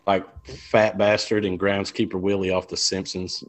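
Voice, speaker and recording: A man's voice: sits low, little pitch movement, moderate pace. A man co-hosting a casual podcast, speaking hesitantly and restarting his questions.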